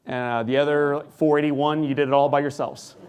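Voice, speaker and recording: A man's voice: fairly high pitch, level tone, a little hiss or hum. Man telling a story on stage. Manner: storytelling with dramatic pauses, swinging from hushed to loud. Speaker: keynote speaker. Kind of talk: inspirational keynote speech. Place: large hall before a live audience.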